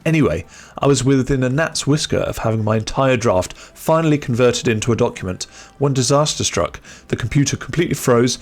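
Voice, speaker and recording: A man's voice: medium pitch, expressive, fairly quick, few pauses, lightly acted. A man reading as a fussy exasperated writer. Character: exasperated fussy male writer, long-winded.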